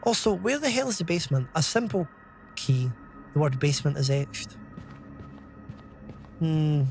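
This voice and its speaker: Guy streaming, rambly and laughy, bit high voice, quiet game music behind. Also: very animated, unhurried, gravelly. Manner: rambling, chatty, laughs often. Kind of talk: casual live-stream chat.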